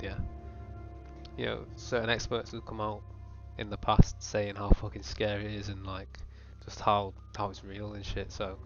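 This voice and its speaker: A young man doing a profane, rambling, mock-serious comedic rant as a voice-over. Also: lowish voice. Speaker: comedy video host. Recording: dull lo-fi voice-over with faint music.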